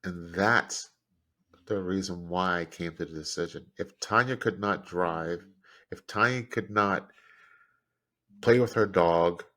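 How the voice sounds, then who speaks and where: A man hosting a podcast, telling a personal story in a halting, grief-stricken way with many restarts. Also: low-pitched, sharp tone. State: grieving, close to tears. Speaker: podcast host.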